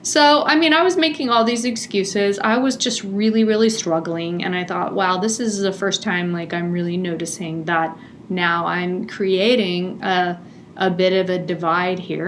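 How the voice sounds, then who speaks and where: A woman's voice: fairly low pitch, normal speed, slight background noise. Chatty middle-aged woman telling a story. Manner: chatty, animated, laughing often. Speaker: podcast host. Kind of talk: personal storytelling monologue.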